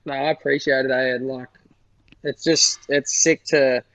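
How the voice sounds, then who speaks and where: A young Australian man, a guest on a podcast, talking in a relaxed, easygoing way. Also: medium pitch, moderate pace, dry recording. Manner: relaxed, easygoing, says "eh" and "sick" a lot. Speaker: guest, motocross racer. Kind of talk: casual chat.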